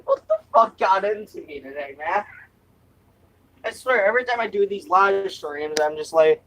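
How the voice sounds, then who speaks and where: A young adult live streamer at home, chatting playfully with goofy noises and sudden loud outbursts. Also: mid-range voice, expressive, moderate pace, far from the mic, a little hiss or hum, poor audio. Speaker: live streamer reviewing snacks. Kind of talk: silly, rambling live-stream chat. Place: indoors at home, other people upstairs.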